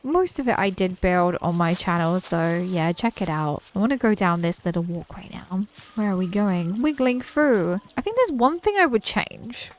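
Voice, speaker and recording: A woman's voice: mid-range voice, lively intonation, normal speed, few pauses. A woman from the UK with a British accent, giving a chatty, enthusiastic commentary as she tours a game island, laughing often. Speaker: gaming channel host. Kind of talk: casual game tour commentary.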